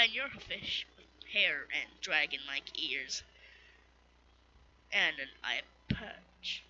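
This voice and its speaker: Giggly rambling streamer, very bright tone. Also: medium pitch, takes it slowly. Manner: rambling, giggly, self-interrupting. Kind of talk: gameplay commentary with in-game dialogue read aloud. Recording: dull lo-fi recording, faint hiss.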